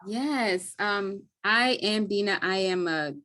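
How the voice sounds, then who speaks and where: A woman's voice: mid-range voice, slow pace, pushed and bright. Baltimore woman hosting a webinar. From Maryland, US. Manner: friendly, chatty, many ums. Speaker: webinar host, community health worker. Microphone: video call.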